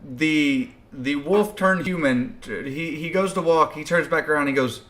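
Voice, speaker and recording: Laid-back male game master, halting. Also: fairly high pitch, a bit bright. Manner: casual, halting, laughs often. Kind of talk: narrating a tabletop game.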